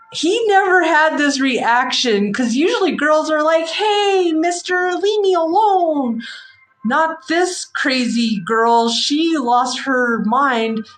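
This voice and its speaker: A woman in her forties, a psychic livestream host, telling a story in a frank, rambling, animated way with slang. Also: high-pitched. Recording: echoey room.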